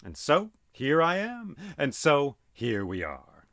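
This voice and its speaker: A man telling an old myth aloud as host, dramatic and animated, voicing sound effects as he goes. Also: a little high, slow, no echo, clean studio sound. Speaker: storyteller and podcast host. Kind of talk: oral storytelling of myth.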